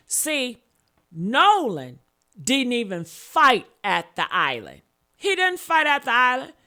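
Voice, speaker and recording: A woman tells the story in a casual, sassy way, calling her listeners honey and baby. Her bright voice swoops up and down with a lot of animation, and her pacing is slow and deliberate. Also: fairly high pitch. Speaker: commentary channel host.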